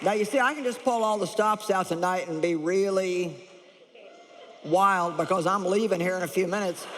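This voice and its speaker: A woman preaching a lively sermon, blunt and humorous, chuckling as she teaches. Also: on the low side, normal speed, background noise. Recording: echoey large hall.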